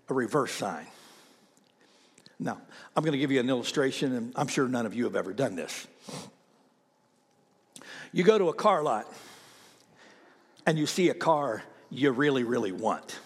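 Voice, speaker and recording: A pastor preaching a sermon in an animated way, rising and falling and tossing asides to his congregation. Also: mid-range voice, normal speed, long pauses, slightly rough, in a large hall.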